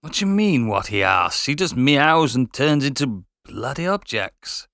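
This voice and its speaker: A man's voice: medium pitch, very animated, unhurried, vocal fry, fairly bright tone, dry recording, studio quality. A man playing a tabletop game in character, exasperated and sarcastic, cursing now and then. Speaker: player.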